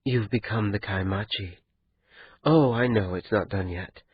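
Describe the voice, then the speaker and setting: A calm, dry-witted young woman murmurs to her lover in a hushed, teasing tone, voiced by a male audiobook narrator. Her voice sits low and husky. The recording is dry and slightly muffled. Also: measured pace, no echo.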